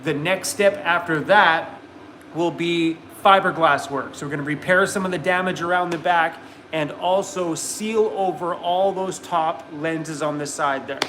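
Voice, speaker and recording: A man's voice: on the high side, measured pace, background noise. A man hosting a live stream from his workshop, chatting casually and rambling upbeat on a phone camera.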